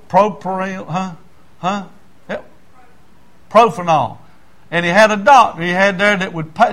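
Folksy preacher, bright high voice. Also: male voice. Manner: folksy, stammering restarts, chuckles. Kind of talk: storytelling sermon.

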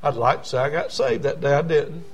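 A middle-aged man preaching a sermon and telling his own testimony, swinging from loud pleading to low hushed tones. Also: a little fast, husky. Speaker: pastor.

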